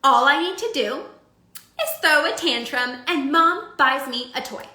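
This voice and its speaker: A woman's voice: expressive, a little slow, pushed and bright, echoey room, full character voice. Woman putting on a whiny tantrum-throwing kid. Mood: gloating. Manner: whiny and taunting, high sing-song.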